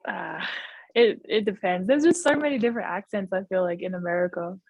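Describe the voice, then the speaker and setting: A woman's voice: mid-range voice, brisk, gravelly, a little mellow, dry recording. A young Australian woman, a college basketball player, chatting casually on a video call and laughing between phrases. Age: young adult. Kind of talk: casual interview chat.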